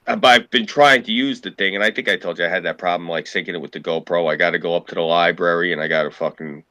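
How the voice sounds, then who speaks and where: Bright-voiced, rambling New man. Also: low voice, steady tone, fast talker, no echo, muffled recording. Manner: rambling storyteller, swears freely. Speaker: podcast co-host. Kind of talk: casual group chat.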